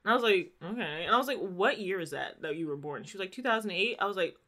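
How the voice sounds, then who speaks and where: A woman in her twenties chatting casually, telling animated stories and acting out what people said. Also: medium pitch, fast talker. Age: 20s. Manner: animated storytelling, acts out quoted voices. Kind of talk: casual chat.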